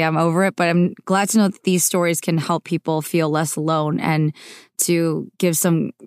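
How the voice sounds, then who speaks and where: A woman hosts a podcast and closes the episode with casual, grateful thanks, chatting along with small slips. Her voice sits a little low. The sound is dry and close. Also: no echo. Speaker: podcast host.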